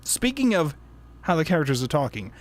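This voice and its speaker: A podcast host runs a casual book club chat in a man's voice that sits a little high, swings widely in pitch and moves fairly quickly. He rambles with plenty of fillers, laughs, and keeps cutting himself off mid-sentence.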